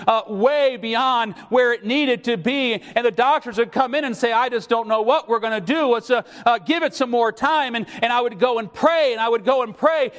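A man's voice: very high-pitched, a bit bright. A middle-aged man preaching a sermon, pleading and emphatic, his voice rising in fervent bursts. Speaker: pastor. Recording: long reverb of a hall.

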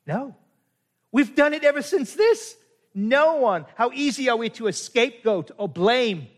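A man's voice: extremely high pitch, big pitch swings, normal speed, big-room sound. A middle-aged male pastor preaching a conversational sermon, firing rhetorical questions at his congregation. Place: church.

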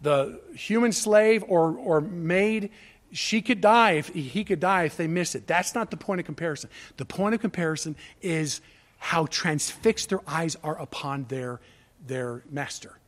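A man with a notably high voice preaches from the pulpit as pastor. He poses rhetorical questions and answers them himself, swinging between ringing declarations and hushed, near-whispered asides. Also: unhurried. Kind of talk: sermon.

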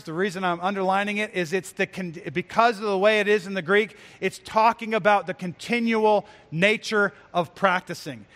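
A man's voice: high-pitched, a bit bright, big-room sound. A male pastor preaching an earnest, emphatic sermon with repeated phrases.

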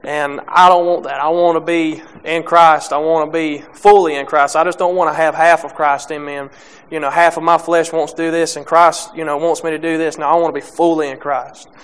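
Young male preacher, unpolished and hesitant delivery, clear resonant tone. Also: on the high side, little pitch movement, a bit bright. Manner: halting, many restarts and fillers. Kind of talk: sermon.

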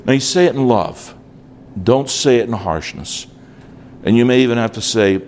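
An older man from New York preaching at a conference, animated, acting out little dialogues and dropping in asides. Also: medium pitch, moderate pace, a little hiss or hum. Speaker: conference speaker. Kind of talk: conference sermon.

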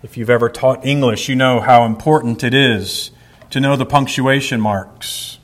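A man's voice: medium pitch, normal speed. A male pastor reading scripture aloud and then preaching a verse-by-verse sermon, explaining words with emphasis.

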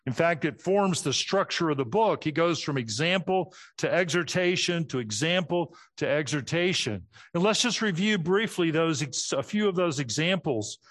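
A middle-aged man preaching an expository sermon, laying out his points in a clear teaching manner and dropping low at the ends of phrases. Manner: structured, teaching, drops pitch at phrase ends.

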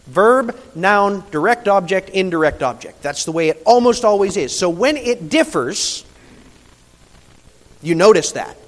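Guy preaching a sermon, pretty high voice, stresses words hard, big echoey hall. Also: fairly bright tone. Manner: emphatic preaching, slows on key phrases. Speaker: pastor. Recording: reverberant hall.

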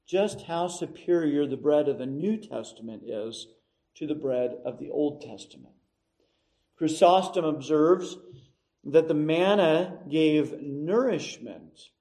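Emphatic man preaching slowly. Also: fairly high pitch, mellow, poor audio. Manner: emphatic, measured preaching with dramatic pauses. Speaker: pastor. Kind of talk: sermon.

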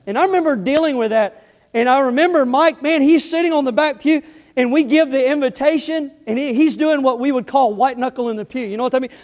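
A man preaching from the pulpit, his voice pitched strikingly high for a man. He tells stories in a relaxed way and drops to quiet, weighty words to make his points. Long reverb from the church sanctuary trails after each phrase. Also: brisk. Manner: storytelling preacher, drops to hushed emphasis. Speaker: pastor. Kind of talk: sermon.

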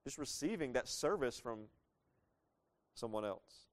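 Man preaching an animated sermon. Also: medium pitch, a little slow. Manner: animated, asks the congregation questions, acts out quoted lines. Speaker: pastor.

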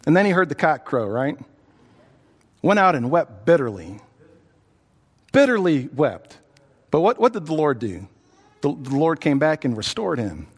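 Male pastor, high voice, earnest sermon, long hall reverb, repeats himself. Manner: earnest, repeats words, rises when voicing others.

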